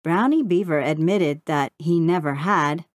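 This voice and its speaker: Slow, measured woman storybook narrator. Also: sits low, no room sound, clean studio sound. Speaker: audiobook narrator.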